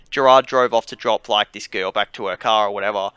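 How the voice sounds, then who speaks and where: A man's voice: fairly low pitch, moderate pace, bright, forceful tone, clear, resonant tone, dry recording. A young Australian man hosting a podcast, telling a rambling, profane story full of fillers into a close mic. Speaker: podcast host. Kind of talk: casual storytelling.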